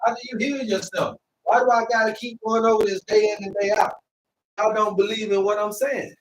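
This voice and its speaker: A man hosting a live stream, lecturing his viewers in a preachy, repetitive way and drawing out words slowly for emphasis. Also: sits high, flat delivery, recorded from a distance, a little hiss or hum, rough recording. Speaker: herbalist host of a live stream.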